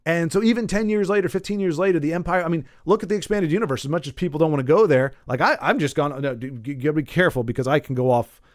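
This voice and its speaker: A man's voice: fairly high pitch, fast, no room sound, studio quality. A man hosting a comedy podcast, telling rambling stories with self-deprecating asides and lots of trailing off. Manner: pained yelps while wincing. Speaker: podcast host.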